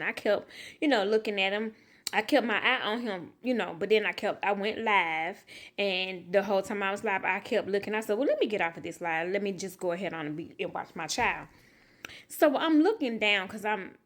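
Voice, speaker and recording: Animated storytelling mother. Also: mid-range voice. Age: adult. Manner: animated, emotional retelling with quoted dialogue. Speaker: vlogger, mother. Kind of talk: casual storytelling.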